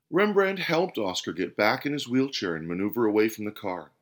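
Man, storyteller, expressive narration, lively pitch, scripted. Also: moderate pace, few pauses. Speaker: host and storyteller.

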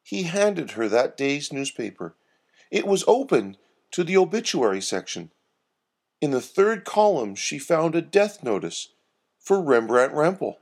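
A man narrating a scripted story in a measured, expressive reading. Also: medium pitch.

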